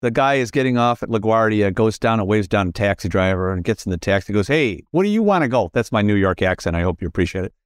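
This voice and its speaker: A man hosting a casual interview, talking with enthusiasm and sudden leaps in pitch. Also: steady tone, fast, few pauses, smooth, no room sound, studio quality. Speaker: podcast host. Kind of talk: casual conversation.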